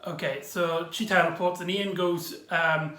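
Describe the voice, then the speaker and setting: A man giving a casual, rambling recap review of a TV episode, excitable and full of exclamations. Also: high-pitched, measured pace. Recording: echoey room.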